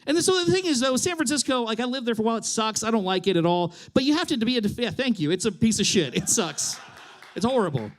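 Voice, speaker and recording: High-voiced sardonic man doing stand-up. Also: very animated, quick pace. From Reno, Nevada. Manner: sardonic, ranting, laughs often. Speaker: comedian. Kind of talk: stand-up comedy. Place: live theater stage.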